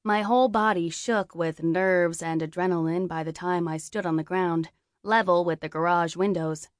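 Young woman reading a story out loud, lowish voice, dry close sound, wry and lively. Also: moderate pace, no echo. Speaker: narrator. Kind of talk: audiobook narration.

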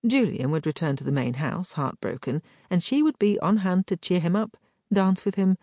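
Low, husky woman narrating a novel. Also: normal speed, no echo, studio quality. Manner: expressive storytelling. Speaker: audiobook narrator. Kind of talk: scripted romance narration.

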